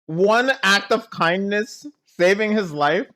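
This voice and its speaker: A man's voice: high-pitched, slow pace, sharp tone. A man talking casually as he reacts to a movie, exasperated and rambling, often groaning and laughing at it. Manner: keeps restarting and saying "anyways, let's keep going".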